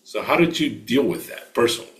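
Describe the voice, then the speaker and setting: A man's voice: mid-range voice, animated, fast. A man hosting an interview, asking long, winding, encouraging questions. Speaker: podcast host.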